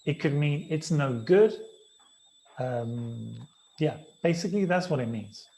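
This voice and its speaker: A man, slowly and patiently explaining slang words to a class. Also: a little high, animated, dark tone. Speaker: guest English speaker.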